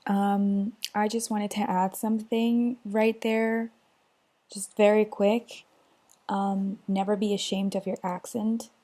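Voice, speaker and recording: A woman, adding a relaxed, reassuring voice-over aside with a few ums. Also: mid-range voice. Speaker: video host adding an edited aside.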